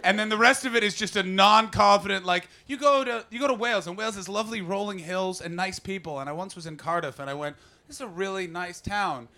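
Male stand-up comic, high and bright, riffs off the crowd and slips into mocking character voices. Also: fast talker, few pauses. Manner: riffing, swinging into loud mocking voices for characters. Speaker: stand-up comedian. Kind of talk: improvised stand-up set with crowd work. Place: comedy club stage before a live audience.

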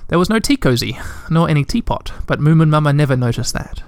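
Man reading a kids' storybook aloud, calm and even, a bit high-pitched, dry close sound. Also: fast talker, no room sound. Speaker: narrator.

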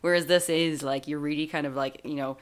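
A woman's voice: low-pitched, steady tone, fairly quick. A woman co-hosting a podcast, chatting casually about a film with many fillers and restarts. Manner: chatty, laughs often, trails off with fillers. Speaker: podcast co-host.

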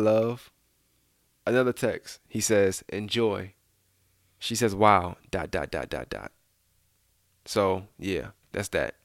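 Podcast co-host, man, relaxed banter, tight dry sound. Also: fairly low pitch, dry recording. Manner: reads out texts, laughs often. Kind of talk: casual chat.

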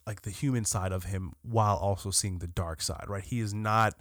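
A man's voice: on the low side, steady tone, normal speed, a bit bright, no room sound, clean studio sound. A man co-hosting a podcast, talking casually and animatedly about a film, swearing and restarting sentences often. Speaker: podcast co-host.

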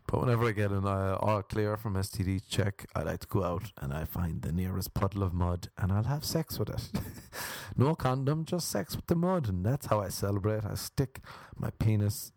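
Irish guy rambling crude funny stories, lowish mellow voice, dry sound. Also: expressive, moderate pace, no echo. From Ireland. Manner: crude, rambling storytelling with laughs and mock voices. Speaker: comedian. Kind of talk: comic monologue.

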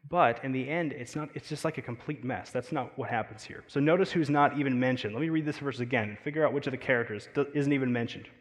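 A man with an American accent preaching a sermon, talking in a conversational, animated way with frequent fillers and asides. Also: medium pitch, quick pace, few pauses, long reverb tail. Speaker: pastor.

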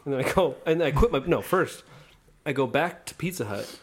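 A man's voice: on the high side, lively intonation, moderate pace, a little hiss or hum. A man in a casual chat among friends, telling a rambling, meandering story.

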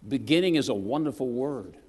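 A man's voice: mid-range voice, brisk. A man preaching as a guest minister, joking with the congregation and calling out for amens. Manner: lively, jokes with the congregation, calls for amens. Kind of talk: sermon. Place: church sanctuary. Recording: long hall reverb.

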